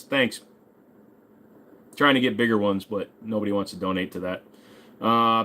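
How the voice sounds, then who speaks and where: A man's voice: on the low side, a bit bright. Laid-back man in his forties. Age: 40s. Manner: laid-back, swears casually, jokes with chat. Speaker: host. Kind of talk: casual livestream chat reading viewer questions.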